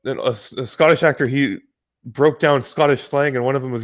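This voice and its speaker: American guy rambling in a casual chat, lots of swearing and restarts, middle pitch. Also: moderate pace, long pauses. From United States. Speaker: guest. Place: home in California.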